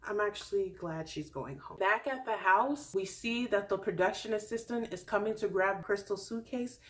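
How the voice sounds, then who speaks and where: A young woman in her twenties gives a casual, sassy recap vlog. She chats quickly and playfully. Her voice sits at a middle pitch, and she drops into mock quotes of other people with plenty of attitude. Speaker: vlogger recapping a reality show.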